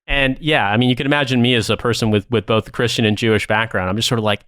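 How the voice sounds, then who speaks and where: Young man, podcast co-host, profane, heated, mid pitch, dry recording. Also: fairly even intonation, quick pace, a bit bright, no echo. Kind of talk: casual podcast chat.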